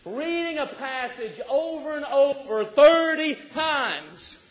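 High-pitched preacher, lively and loud. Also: male voice, slow. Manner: animated, rising to shouts for emphasis, joking with the congregation. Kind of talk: sermon. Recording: dull lo-fi recording.

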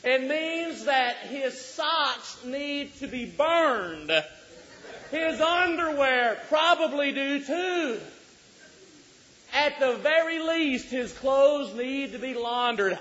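A middle-aged man preaches a sermon in a very high voice, drawn out and unhurried. He jokes with the congregation and builds to shouts for emphasis. The recording sounds dull and lo-fi. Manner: animated, rising to shouts for emphasis, joking with the congregation.

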